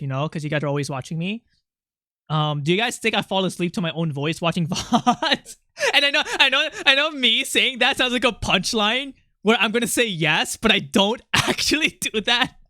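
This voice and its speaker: A streamer talking through a voice changer in casual livestream chat while gaming, excitable and rambling, laughing often and reacting to chat. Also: medium pitch, a little fast, no echo, clean studio sound.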